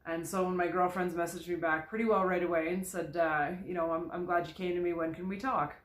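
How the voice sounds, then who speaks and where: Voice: medium pitch, steady tone, a bit bright. Candid storyteller in an echoey room. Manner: halting, with many restarts and "you know". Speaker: vlogger.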